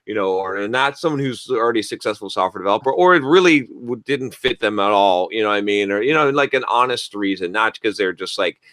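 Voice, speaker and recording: A man co-hosting a podcast, telling a story in a casual, animated way and swearing freely. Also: fairly low pitch, brisk, few pauses, no room sound, studio quality. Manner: animated, swearing, acts out quoted voices. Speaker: podcast co-host.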